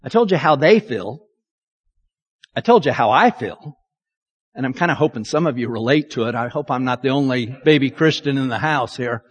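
A man's voice: medium pitch, animated, moderate pace, husky, lo-fi sound. A man, a pastor, preaching a conversational sermon in a candid, self-deprecating, chatty way. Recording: long reverb of a large hall.

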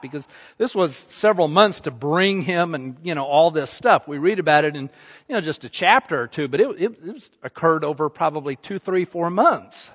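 A man preaching a sermon, retelling a scripture story in a relaxed, conversational way and checking in with the congregation. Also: a little high, normal speed. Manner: conversational storytelling with fillers like "you know" and "okay?". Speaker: pastor. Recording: dull recording with long hall reverb.

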